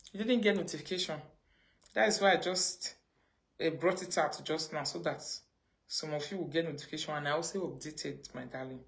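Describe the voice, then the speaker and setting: A woman with a Nigerian accent chatting casually with fans on a live phone video, telling stories in lively pidgin and laughing often. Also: low voice. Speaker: social media live streamer.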